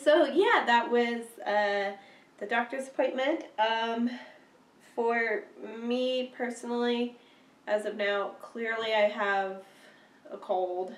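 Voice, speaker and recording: A woman's voice: a little high, steady tone, slow pace, far from the mic. A young woman, stuffy with a cold, chatting casually in a vlog update with lots of fillers and laughter. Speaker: vlogger. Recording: roomy sound, a bit off-mic.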